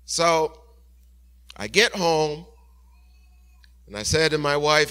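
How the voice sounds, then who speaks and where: A pastor preaching a sermon and telling a story, animated, with sudden soft, quiet asides. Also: male voice, a little high, slow pace, smooth.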